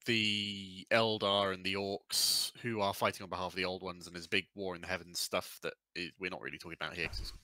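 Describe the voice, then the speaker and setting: A man's voice: deep voice, little pitch movement, a little fast, few pauses, sharp tone, dry recording, poor audio. A man co-hosting a podcast in casual chat, rambling with fillers and the odd swear. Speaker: podcast co-host.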